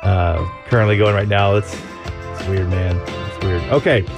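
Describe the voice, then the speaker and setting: A man hosting a sports radio show, chatting casually, his voice climbing higher when he gets excited. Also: moderate pace, music in the background.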